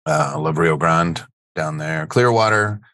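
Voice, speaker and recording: A middle-aged man hosts a podcast from a studio with a rumbling low, unhurried, sharp-toned voice and no room sound. He chats casually in what feels like a live webinar, joking, laughing easily, and rambling as he goes.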